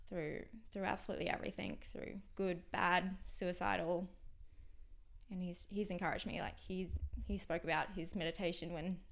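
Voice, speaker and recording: A young Australian woman speaking as a podcast guest, talking frankly in halting phrases that sometimes drop to a near whisper. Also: fairly low pitch, creaky. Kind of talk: candid interview conversation.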